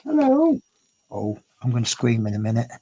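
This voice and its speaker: A man's voice: medium pitch, normal speed, highs cut off. Chatty man streaming from home. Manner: chatty, rambling, coos at his cat. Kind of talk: casual livestream chat. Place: at home indoors.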